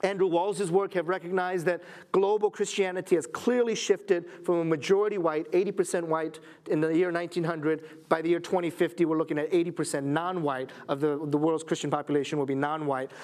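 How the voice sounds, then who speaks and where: A man's voice: a little high, steady tone, a little fast, few pauses, darkish tone. A man lecturing a church audience, earnest and emphatic, with wry asides. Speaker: lecturer at a Christian school.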